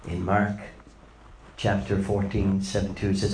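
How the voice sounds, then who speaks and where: A man's voice: sits low, completely flat delivery, measured pace, darkish tone. A man preaching a sermon, retelling a story with rising and falling dramatic intensity. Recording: roomy echo, faint noise.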